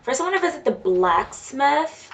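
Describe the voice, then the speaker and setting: A woman's voice: high voice, sing-song, moderate pace. A woman with a Jamaican accent giving casual, chatty commentary while playing a game. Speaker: let's play streamer. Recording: distant mic with faint noise.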